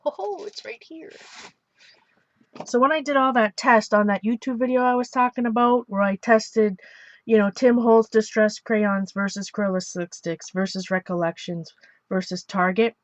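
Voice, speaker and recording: A woman's voice: a little high, steady tone, normal speed, no room sound, dull audio. Rambling chatty Canadian woman crafting. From Ontario, Canada. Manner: rambling, chatty, laughs often, self-correcting. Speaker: art journaling vlogger. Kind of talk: casual chat while crafting.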